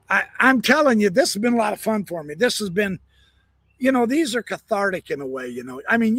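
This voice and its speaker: Husky, rambling live-stream host. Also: male voice, on the high side, fairly bright tone, no echo. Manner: rambling, jokey, laughs at own jokes. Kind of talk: casual live-stream chat. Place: backyard, outdoors.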